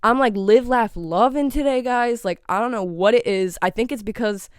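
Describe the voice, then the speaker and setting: A woman's voice: fairly high pitch, moderate pace, smooth, dry recording, clean studio sound. Profane young New England woman ranting. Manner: animated, profane, lots of "like" fillers. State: getting over a cold. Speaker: podcast host. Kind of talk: casual solo podcast rant.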